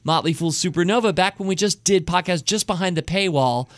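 A man's voice: high-pitched, fairly quick, dry recording. A middle-aged man hosting a podcast, chatting enthusiastically with rambling asides. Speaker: podcast host. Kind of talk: casual podcast chat.

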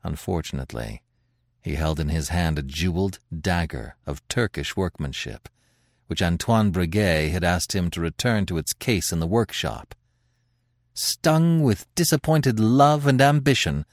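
A man hosting a podcast, narrating a classic tale in a dramatic, expressive reading with swelling emphasis. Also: deep voice, unhurried, dry recording, clean studio sound.

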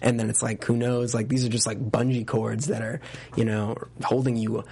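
A man's voice: medium pitch, normal speed, husky. A young man, a musician guest in a casual interview, telling stories with lots of laughs and acted-out quotes. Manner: animated storyteller, acts out quoted voices; laughs often, many likes and restarts.

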